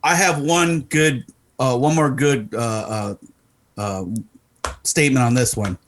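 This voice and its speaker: A man's voice: mid-range voice, unhurried, slight background noise. A middle-aged man from Arizona, co-hosting a podcast, telling a story in casual chat and acting out the voices in it. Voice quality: animated, acts out voices in his stories. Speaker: podcast co-host.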